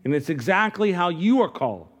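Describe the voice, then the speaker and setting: A man's voice: high voice, very animated, brisk. Man preaching a conversational sermon. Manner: conversational preaching with many restarts, rising to fervent calls. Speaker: pastor.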